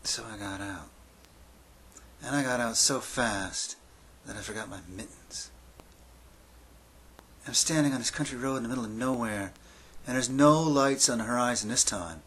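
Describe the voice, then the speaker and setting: A man in his fifties telling a personal story aloud, dropping to a near-whisper and rising to yells as it builds. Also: mid-range voice, moderate pace, pauses often, a little hiss or hum. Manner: dramatic, swings from hushed near-whisper to yelling. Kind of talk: spoken-word storytelling.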